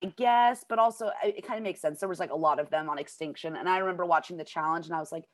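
A young woman co-hosting a podcast in casual chat, halting with restarts and trailing off as she makes her point. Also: on the low side. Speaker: podcast co-host.

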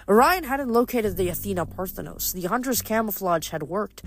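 Audiobook reader, measured and even, middling pitch, soft music underneath. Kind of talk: audiobook reading.

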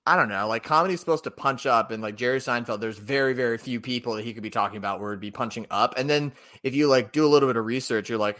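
Bright-voiced chatty young man. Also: medium pitch, fast, hardly any pauses. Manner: rambling, chatty, lots of fillers. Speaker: podcast host. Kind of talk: casual podcast chat.

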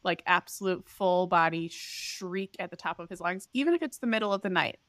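A woman in her thirties co-hosting a podcast, telling a story in casual chat and acting out the voices with big leaps in pitch. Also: brisk, a bit bright, no room sound. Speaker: podcast co-host.

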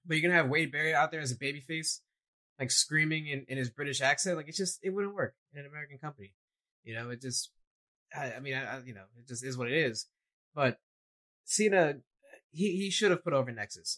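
A man's voice: on the high side, animated, fairly quick, pushed and bright, poor audio. Opinionated man in wrestling chat. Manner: opinionated, dismissive, rambling. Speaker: podcast co-host. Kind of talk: casual wrestling discussion.

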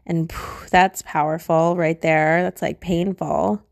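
A woman's voice: low-pitched, flat delivery, slow, creaky, dry recording, studio quality. Chatty woman teaching on a podcast. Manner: chatty, informal, with fillers and laughs. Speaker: podcast host and spiritual teacher.

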